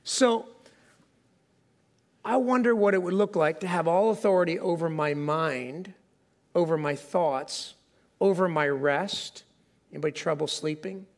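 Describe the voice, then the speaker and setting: Man, pastor, sermon, conversational, self-deprecating, asks the congregation questions, high voice. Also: a little slow, pauses often. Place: church sanctuary before a congregation.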